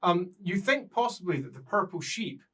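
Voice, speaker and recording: A man's voice: sits high, expressive, normal speed, a bit bright, breathy edge, recorded from a distance. A man narrating as game master in a tabletop role-playing game, playful and often laughing.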